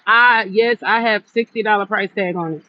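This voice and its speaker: A woman's voice: mid-range voice, steady tone, normal speed. A woman sits at her outdoor vendor stall on a cold, windy day, talking into her phone for a livestream. She chats easily and tells stories by acting out both sides of the exchange. The sound is dull and lo-fi, with a faint hiss of outdoor noise behind her. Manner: chatty, retells arguments with quoted back-and-forth. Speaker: vendor selling gift baskets on a livestream. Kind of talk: casual livestream storytelling.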